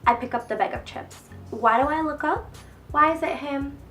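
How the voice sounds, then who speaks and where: A woman's voice: sits high, normal speed, distant mic. A young woman vlogging, telling stories casually with lots of profanity and acted-out quotes. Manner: animated, profane, acts out quoted voices. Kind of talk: casual storytelling to camera. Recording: voice a bit off-mic with faint music.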